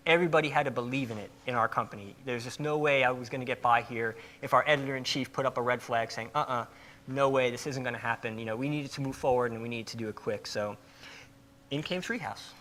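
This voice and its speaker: A man's voice: medium pitch, fast talker, sharp tone. A man giving a conference talk in a casual, emphatic way, with many fillers. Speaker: conference presenter.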